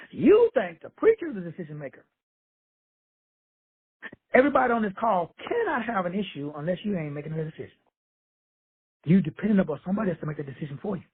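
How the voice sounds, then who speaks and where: This middle-aged man has a high, slightly rough voice and preaches motivation over a call. His brash, streetwise talk is blunt and full of profanity, heard through phone-line audio.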